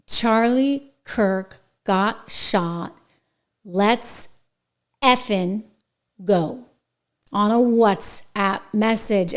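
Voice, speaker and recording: A middle-aged woman hosting a political commentary show, indignant, swinging from loud outbursts to hushed whispers. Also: a little high.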